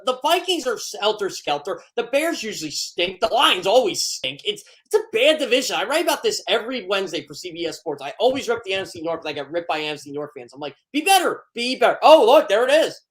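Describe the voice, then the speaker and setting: A man's voice: high voice, very animated, bright, forceful tone. Chatty, opinionated male sports writer. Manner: chatty and opinionated, quick asides to the host. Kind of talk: sports talk radio guest.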